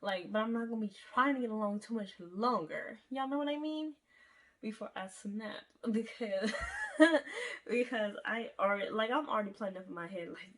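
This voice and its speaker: A woman's voice: medium pitch, normal speed, a bit bright. Chatty, profane young woman vlogger. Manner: chatty, profane, addresses viewers as y'all. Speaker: vlogger telling a storytime. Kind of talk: casual storytime monologue.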